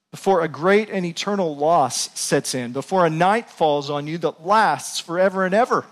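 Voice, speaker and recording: A man preaching a sermon to a congregation as their pastor, earnest and building to impassioned appeals. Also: on the high side. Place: church before a congregation.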